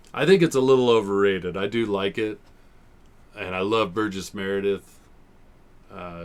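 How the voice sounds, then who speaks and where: A man in his forties hosting a podcast, casually rambling and swearing as he reviews old TV episodes. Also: low voice. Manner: rambling, swearing, laughs often. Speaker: podcast host.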